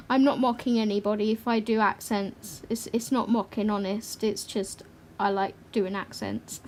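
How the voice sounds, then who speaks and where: A woman's voice: mid-range voice, steady tone, a little mellow, slight background noise. A woman hosting a colouring livestream, chatting casually and rambling a little as she works. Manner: chatty and rambling, quick to laugh. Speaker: livestream host. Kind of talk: casual chat while colouring.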